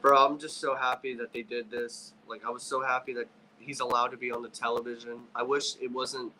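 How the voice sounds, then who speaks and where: A man's voice: medium pitch, level tone, fairly quick, pushed and bright, slight background noise, rough recording. A man co-hosting a wrestling review podcast, talking in an emotional, rambling casual chat. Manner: emotional, rambling, restarts a lot. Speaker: wrestling show co-host.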